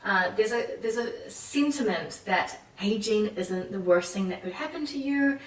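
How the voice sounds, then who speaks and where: A woman's voice: mid-range voice, a little slow. A young woman from New Zealand with a New Zealand accent, chatting animatedly in a casual vlog and acting out the people she quotes. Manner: animated, acts out quoted French voices. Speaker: vlogger. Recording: echoey room, mic at a distance.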